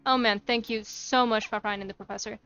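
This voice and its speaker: A woman's voice: a little high, fairly even intonation, fairly quick, sharp tone, clear, resonant tone, lo-fi sound. A woman reading a flustered, chatty young bride-to-be from a game. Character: nervous young bride-to-be planning a DIY wedding. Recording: faint music behind.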